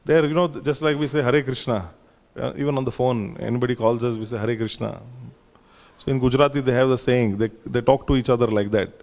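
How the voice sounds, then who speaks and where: A man's voice: mid-range voice, fairly even intonation, brisk, a little mellow. Storytelling man teaching in an echoey temple hall. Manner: storytelling, with frequent fillers and restarts. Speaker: class speaker at a temple. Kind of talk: scripture class lecture. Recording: long hall reverb.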